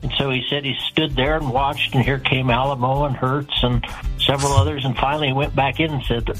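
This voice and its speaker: A man calling in to a radio show, an animated storyteller who acts out the voices in his story. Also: mid-range voice, brisk, soft background music, rough recording. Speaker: caller. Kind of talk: radio call-in anecdote.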